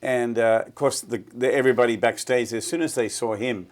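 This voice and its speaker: A middle-aged Australian man, a guest musician, telling stories in a relaxed, chatty interview. He often repeats words as he recalls things. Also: mid-range voice, fairly quick.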